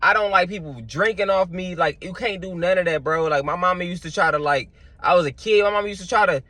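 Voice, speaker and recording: Slangy young man, bright voice. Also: high-pitched, fast talker, dry recording. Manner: loose, slangy, with lots of fillers. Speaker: vlogger. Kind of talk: casual storytelling monologue.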